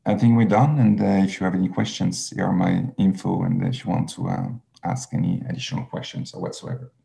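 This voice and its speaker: A man with a French accent gives a webinar talk over a video call. His voice is low and gravelly with a mellow, dark tone, and he speaks haltingly with many fillers and restarts. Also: animated. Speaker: presenter. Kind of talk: webinar presentation.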